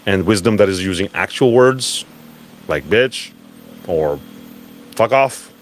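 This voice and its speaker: A man giving a blunt, profane, animated live talk at a crypto event. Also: sits low, slow, slight background noise.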